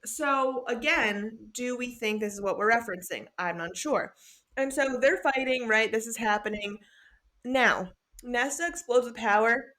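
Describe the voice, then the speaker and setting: Animated young woman, sweary book chat. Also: a little high, unhurried. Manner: animated, swears freely, acts out characters' lines. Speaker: podcast co-host. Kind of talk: casual book-recap chat.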